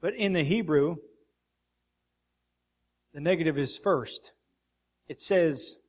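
A male preacher delivering a sermon, his voice sitting a little high for a man. He talks with emphatic rhetorical questions. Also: measured pace, pauses often.

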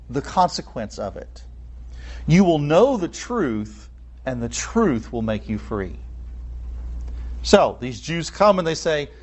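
A man preaching a sermon, explaining a text in an expressive way and acting out the people he quotes. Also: mid-range voice. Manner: explanatory, with asides and fillers. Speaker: pastor.

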